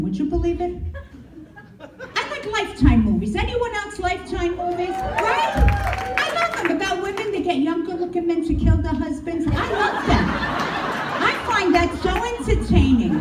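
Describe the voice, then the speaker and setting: A middle-aged woman with a very high-pitched voice performs a brash, crude stand-up set in a comedy club. The very noisy recording is echoey and distant, with the audience laughing in the background.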